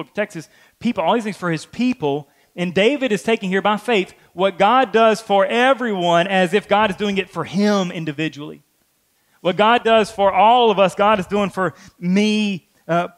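A middle-aged man preaching a sermon, earnest, repeating key phrases for emphasis. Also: sits high. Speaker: pastor.

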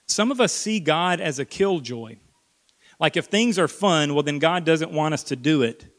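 A man preaches a sermon in a slightly higher-than-usual voice. He is earnest, repeats words for emphasis and drops to a hush on key points. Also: lively intonation, moderate pace. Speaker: pastor.

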